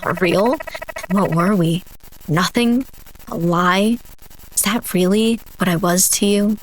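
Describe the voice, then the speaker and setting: A woman's voice: mid-range voice, slow, low-quality recording. A woman voicing a jealous, accusing ghost husband who throws wounded questions. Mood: bitter.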